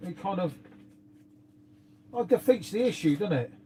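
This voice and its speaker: Middle-aged man, London accent, rambling livestream chat, swears a lot, slightly high voice. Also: animated, normal speed, warm tone, slight background noise. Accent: London English. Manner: rambling, swears, frequent "mate" and tag questions. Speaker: livestream host. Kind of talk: casual chat to live viewers.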